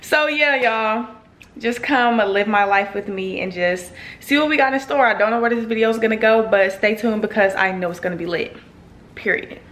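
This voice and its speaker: A woman's voice: a little high, normal speed, a bit bright, roomy sound. A young woman chatting casually to her viewers in a home vlog, laid-back and talkative, filmed on a handheld camera indoors. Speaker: vlogger.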